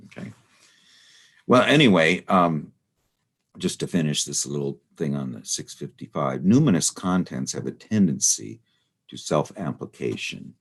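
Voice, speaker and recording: A man with an extremely deep, gravelly voice and a husky edge leads a study group over a video call. He lectures casually and drifts through anecdotes, filling gaps with "you know" and "uh". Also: very animated, unhurried. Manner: meandering, full of "you know" and "uh".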